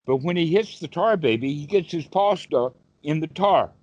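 A man's voice: on the high side, lively intonation, moderate pace, no echo. Folksy man telling a story on a call. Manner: folksy, rambling, many fillers. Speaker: dharma teacher. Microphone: video call. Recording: dull, dry video call audio.

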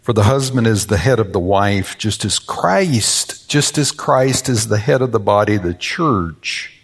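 A man's voice: expressive, measured pace, slightly rough. A man in his sixties, a longtime minister, preaching a sermon in church with a folksy, joking storyteller's manner. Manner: folksy, joking storyteller with high-pitched voices for quoted people. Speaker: pastor. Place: church sanctuary.

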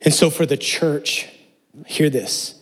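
A man's voice: on the high side, slow pace, husky. A man preaching a sermon, earnest and emphatic, asking his listeners rhetorical questions. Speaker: pastor.

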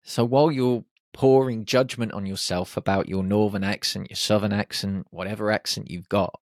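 In this motivational podcast monologue, the host speaks at a normal speed with a lowish voice, fairly even intonation and few pauses. He guides listeners on confidence, staying upbeat and encouraging with playful asides. The sound is clean studio audio without echo.

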